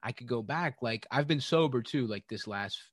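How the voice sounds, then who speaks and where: A man's voice: medium pitch, animated, normal speed, dry recording, studio quality. A man talking in a casual podcast conversation, chatty and profane, with many fillers and laughs. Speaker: podcast guest.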